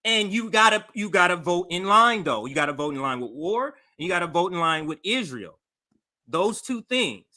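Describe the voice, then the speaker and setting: A man's voice: sits high, very animated, moderate pace, sharp tone. A man co-hosting a political talk show, arguing emphatically with analogies and rhetorical questions. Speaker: political podcast co-host.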